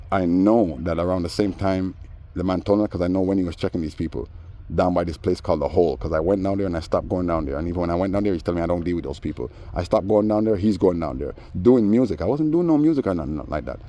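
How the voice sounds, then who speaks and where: A man telling a story in a casual rant, animated and mimicking the people he quotes. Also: deep voice, quick pace. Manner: animated, mimics others in quoted voices, laughs often. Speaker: vlogger.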